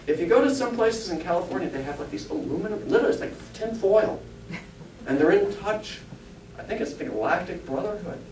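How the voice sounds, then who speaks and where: This spiritualist pastor and medium speaks at a fairly brisk pace, his tone on the dark side and his intonation lively. In a church hall he gives a chatty sermon full of jokes and rhetorical questions aimed at the congregation. A far-off microphone captures the church's echo along with a low rumble.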